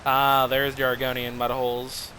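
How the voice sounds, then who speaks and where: A man's voice: mid-range voice, monotone, normal speed, pushed and bright, a little hiss or hum. A man streaming a game, rambling casually and swearing often as he talks over the play. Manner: rambling, profane, restarts often.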